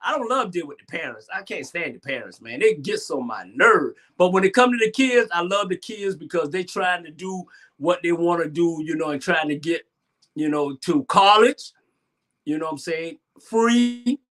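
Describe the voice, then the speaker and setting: Animated Southern man in his sixties. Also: high voice, normal speed. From Savannah, Georgia, US. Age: 60s. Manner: lively, boastful, chatty with fillers. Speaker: host. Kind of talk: animated solo talk show monologue.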